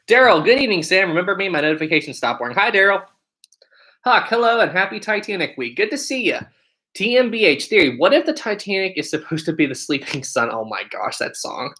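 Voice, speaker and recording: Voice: mid-range voice, very animated, fairly quick, sharp tone. An upbeat American livestream host chatting casually and greeting viewers one by one while reading comments aloud on a home setup. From United States.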